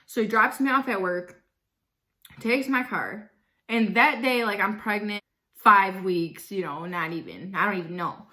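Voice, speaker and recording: Blunt, bright-voiced young woman. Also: medium pitch, measured pace. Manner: fills speech with "like", swears freely; blunt and outspoken. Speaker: vlogger. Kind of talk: casual storytime.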